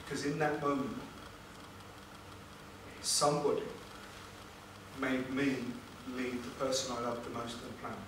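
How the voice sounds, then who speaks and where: A man, a motivational speaker telling an emotional personal story at a seminar, with dramatic pauses and questions to the audience. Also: mid-range voice, fairly even intonation. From England. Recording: echoey room, distant mic, background noise.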